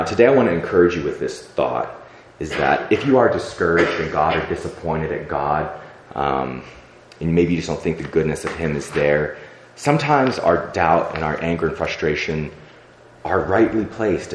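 A young man with an extremely deep voice delivers a sermon in a loose, conversational way, full of fillers and acted-out prayers. He sounds like he's in a reverberant church sanctuary with a faint hum of room ambience behind him. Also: fairly quick. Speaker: pastor.

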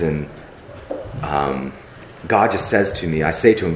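A man's voice: rumbling low, lively intonation, measured pace, long pauses, a little hiss or hum. A young adult man preaching a sermon in a church, talking conversationally with many fillers and acting out prayers. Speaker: pastor. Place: church sanctuary. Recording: echoey church hall, faint ambience.

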